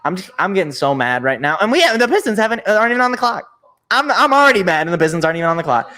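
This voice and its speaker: Bright, high-voiced exasperated young man. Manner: exasperated, sarcastic, rambling. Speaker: sports podcast host. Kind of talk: live reaction commentary.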